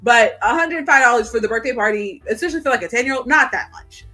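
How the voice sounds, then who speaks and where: A woman co-hosting a casual chat show over a video call, telling animated stories and acting out the people in them. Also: on the high side, fast talker, soft background music. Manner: animated, acts out voices while telling stories. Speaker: podcast co-host. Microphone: video call setup.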